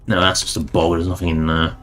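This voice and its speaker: A man's voice: sits low, fairly bright tone. Wry rambling male game streamer. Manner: rambling, wry, chuckling asides. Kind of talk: casual gameplay commentary.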